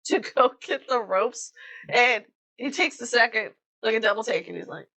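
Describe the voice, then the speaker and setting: A woman's voice: on the high side, moderate pace, bright, forceful tone, poor audio. A woman narrating a tabletop role-playing game as game master, giggling often between scenes.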